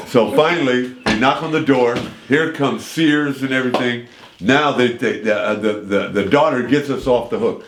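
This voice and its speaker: A man's voice: mid-range voice, moderate pace, echoey room. A man guest on a radio show, telling a long anecdote and voicing the people in it. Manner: lively anecdote with voiced quotes. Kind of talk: animated storytelling. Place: radio studio.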